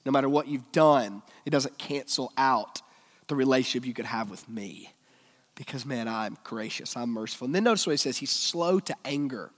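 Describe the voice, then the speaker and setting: A male preacher giving a sermon, swinging between loud emphatic lines and hushed, almost whispered ones. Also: mid-range voice, moderate pace, big-room sound.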